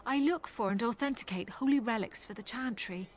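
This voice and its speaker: A woman's voice: fairly high pitch, crowd noise, lightly acted. A woman playing an earnest Irish chantry curator. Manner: thoughtful, earnest, measured speech. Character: pious middle-aged female chantry relic curator. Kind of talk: video game dialogue.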